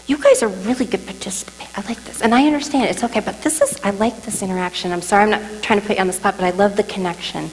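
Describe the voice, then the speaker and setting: A woman telling an audience about her near-death experience, animated and emotional, often asking the listeners questions and dropping to a whisper. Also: mid-range voice, fast. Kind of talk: emotional testimony talk. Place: large hall with an audience. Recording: reverberant hall, faint mains hum.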